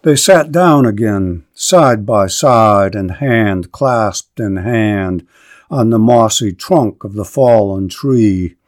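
A man hosting a literature show, reading a classic novel aloud in a slow, measured scripted narration. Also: fairly low pitch. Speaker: podcast host.

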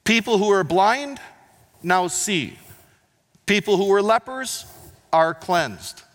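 A man preaching a sermon, swinging between loud emphatic lines and quiet, low asides. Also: takes it slowly. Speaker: pastor. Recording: long hall reverb.

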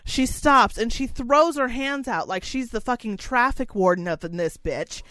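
A woman co-hosting a podcast, telling a rant-style story with lots of swearing and excited outbursts, close to a studio mic. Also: a little high, a little slow, dry recording. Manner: profane, animated, gets loud and excited. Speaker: podcast co-host. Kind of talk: casual storytelling chat.

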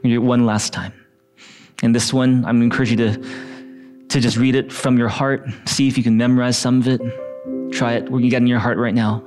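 Man, pastor, middle-aged, guided prayer, slow repetitive delivery, moderate pitch, soft background music. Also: level tone. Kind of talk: guided prayer and scripture reading.

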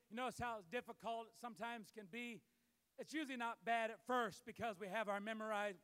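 A man preaching a sermon as pastor, building to shouted emphasis, recorded in a church. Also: very high-pitched, clear, resonant tone. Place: church sanctuary. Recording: long hall reverb.

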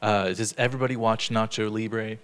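A man leading a casual Bible study, talking in a chatty way, laughing often and retelling stories in lively quoted dialogue. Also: lowish voice, a little fast, clear, resonant tone.

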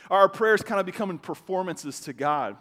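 A man preaching a sermon to his congregation, talking in a loose, conversational way with quick restarts. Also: sits high. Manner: conversational, animated, with stammered restarts. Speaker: pastor. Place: church sanctuary. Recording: long hall reverb.

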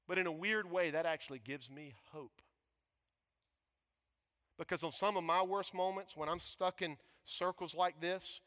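A man preaching a sermon, emphatic, swinging from shouts to near whispers. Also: fairly high pitch, long reverb tail. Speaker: pastor.

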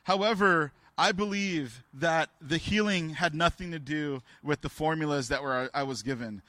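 Candid, halting man preaching a sermon. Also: a little high, pushed and bright, no room sound. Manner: halting and candid, with frequent restarts; acts out the people in his stories with a raised voice. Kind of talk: sermon told as personal stories.

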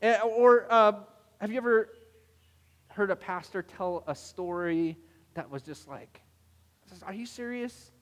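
A man preaching a sermon as pastor, telling stories in an animated way with mock-exasperated asides. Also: high voice, unhurried. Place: church hall. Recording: long hall reverb.

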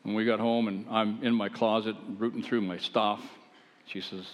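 A man's voice: lowish voice, normal speed. Folksy man preaching in an echoing hall. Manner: animated, folksy and conversational, with self-deprecating humor. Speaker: preacher sharing his testimony. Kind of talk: folksy storytelling sermon. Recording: long hall reverb.

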